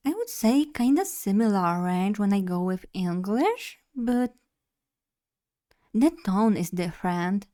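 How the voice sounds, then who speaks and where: A woman's voice: mid-range voice, big pitch swings, warm tone. A young woman, chatting casually and rambling a little as a streamer, laughing at herself often. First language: Polish. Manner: rambling, chatty, self-deprecating, quick to laugh. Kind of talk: casual live-stream chat.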